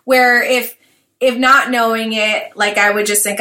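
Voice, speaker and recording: Casting: woman podcast host, bright forward tone, casual and chatty. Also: on the high side, steady tone, measured pace. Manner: casual, many "like" fillers, thinking aloud. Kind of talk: podcast conversation.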